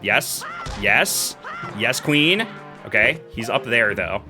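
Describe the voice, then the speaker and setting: A young adult man streaming a game live, chatting with his chat and swinging between quiet muttering and loud yelling. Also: medium pitch, animated, slow pace, music in the background. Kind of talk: live gameplay commentary.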